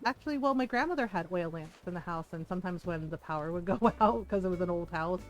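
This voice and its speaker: A woman streamer chatting casually while she plays a life-sim game, giggly and quick with jokey asides. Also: lowish voice, soft background music. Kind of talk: casual gameplay commentary.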